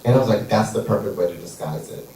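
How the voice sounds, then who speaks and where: A man's voice: fairly low pitch, lively intonation, fast talker, background noise. A man performing a stand-up comedy set on a theater stage, sassy and playful, drawing out his punchlines. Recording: echoey room, far from mic.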